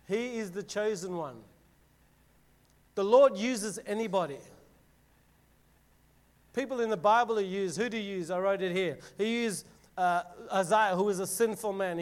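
A man's voice: high-pitched, a little slow, long pauses. A man giving a casual Bible teaching to a group, reading scripture dramatically and explaining it in plain words with fillers. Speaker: youth preacher.

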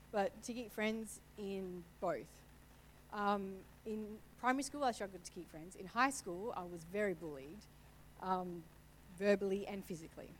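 A middle-aged woman giving a heartfelt personal talk in a church, candid and conversational. Her voice sits at a middle pitch, with a faint hum of noise in the background. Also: normal speed, rough recording. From Italian family background. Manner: candid, conversational, emotional at times. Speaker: church speaker.

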